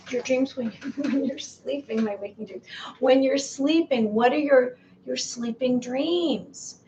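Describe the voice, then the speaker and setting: High-voiced woman musing slowly. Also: pushed and bright, slight background noise, rough recording. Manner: meandering, self-correcting, asks viewers questions. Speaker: spiritual vlogger. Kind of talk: casual spiritual vlog musing.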